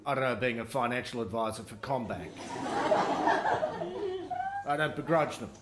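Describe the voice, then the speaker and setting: A man's voice: medium pitch, roomy sound. An Australian man performing a stand-up comedy routine with dry, sardonic storytelling.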